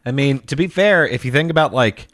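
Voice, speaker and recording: A man co-hosting a casual podcast chat, talking in a measured, analytical way with dry humor. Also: medium pitch, animated, fairly bright tone, no room sound. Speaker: podcast co-host.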